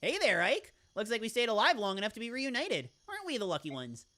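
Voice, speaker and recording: A woman's voice: on the high side, big pitch swings, quick pace, a bit bright. A woman voicing a playful young male beast-warrior in a game, talking in a breezy, teasing way.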